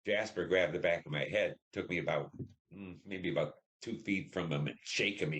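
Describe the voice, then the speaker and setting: A man in his seventies from Detroit, a veteran telling war memories in an oral history interview, halting and reflective with many fillers. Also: deep voice, a bit bright. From Detroit, Michigan.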